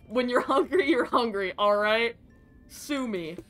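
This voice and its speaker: A woman streaming a game live, chatting excitably, greeting creatures with squeals and swearing when frustrated. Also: on the high side, slow, music in the background. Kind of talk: live gameplay stream chat.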